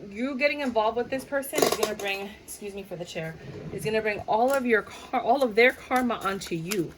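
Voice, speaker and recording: A woman giving a lively, casual tarot reading, playful and chatty, slipping into quick impressions of the people she describes. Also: a little high, slight background noise, poor audio. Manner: animated, playful, sings and mimics clients' voices. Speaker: tarot reader.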